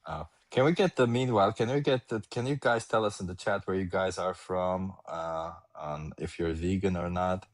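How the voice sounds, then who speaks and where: A man's voice: sits low, normal speed, hardly any pauses. A man co-hosting a live stream, chatting casually and reading out comments from the chat.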